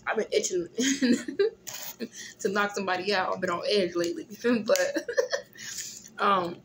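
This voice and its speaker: A groggy, tired young woman, casually chatting in a vlog from a hospital room, often clearing her throat. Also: mid-range voice, flat delivery, fast talker, fairly bright tone, slight background noise. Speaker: vlogger. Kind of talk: casual vlog chat while eating.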